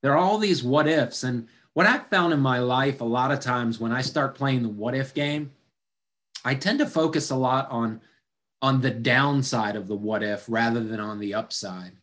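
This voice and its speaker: A male pastor delivers a conversational sermon, acting out quoted voices with dry humor. His mid-range voice is fairly bright and moves at a moderate pace.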